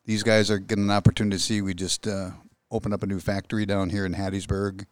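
A middle-aged man talks with an easy, plain-spoken calm and a dry sense of humor. His voice sits very low. The sound is close and dry, with no room around it. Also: fast talker, clear, resonant tone, dry recording. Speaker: industry guest, engine company manager. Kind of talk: casual interview chat.

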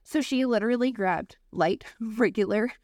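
A young woman co-hosting a podcast, telling a story in casual chat, animated and swearing freely while acting out voices. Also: fairly high pitch, normal speed, dry recording, clean studio sound. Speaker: podcast co-host.

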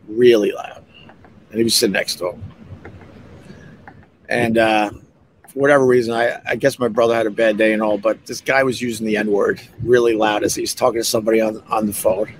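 A man hosting a podcast, telling personal stories in a casual, heated way that jumps up in pitch when he gets riled. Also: vocal fry, a little hiss or hum. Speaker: podcast host. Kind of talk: casual storytelling monologue.

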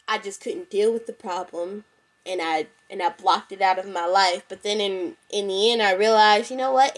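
Recording her casual solo podcast at home, a young woman talks loosely and chattily, calling her audience "y'all." Her mid-range voice has a congested, slightly stuffy quality.

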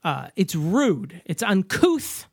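A man's voice: sits high, sing-song, slow, creaky, no room sound, clean studio sound. A man co-hosting a podcast, recapping a film in a rambling, joking way with lots of ums. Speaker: podcast co-host.

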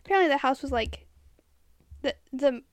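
High-voiced woman chatting with halting pauses. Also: lively intonation, dry recording. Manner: halting, searches for words with many fillers. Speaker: podcast co-host. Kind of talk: casual chat.

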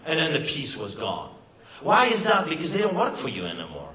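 A man delivers an impassioned political rally speech, emphatic and sarcastic. His voice sits a bit high and sounds bright and forceful. It bounces around a roomy, echoey hall. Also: huge pitch swings, brisk. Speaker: rally speaker. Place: event hall.

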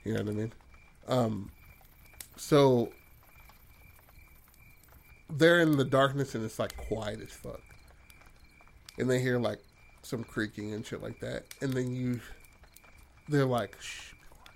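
A man's voice: mid-range voice, takes it slowly, gravelly, long pauses. A man spins a made-up horror tale in casual podcast chat. His mid-range voice rambles loosely and is salted with curses and restarts. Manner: rambling and profane, full of fillers and restarts. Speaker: podcast host telling a story. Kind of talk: casual improvised storytelling.

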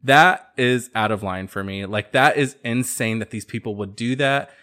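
A man's voice: mid-range voice, moderate pace. A man hosting a podcast, chatting casually and sassily about pop culture gossip. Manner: sassy, chatty, animated storytelling. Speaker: podcast host.

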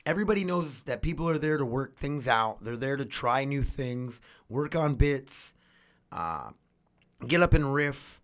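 A man's voice: medium pitch, animated, measured pace. A man talking casually at home in a rambling way, swearing freely, with a washer running nearby. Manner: rambling, swears freely, repeats words and restarts. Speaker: vlogger. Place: home room with laundry machine running.

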